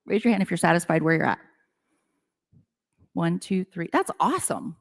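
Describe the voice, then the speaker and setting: A woman's voice: lowish voice, expressive, moderate pace. A middle-aged woman telling casual, self-deprecating stories to a live audience at a business event, chatty and full of "like". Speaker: speaker at a women's business event. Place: conference room with audience. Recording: long reverb of a hall.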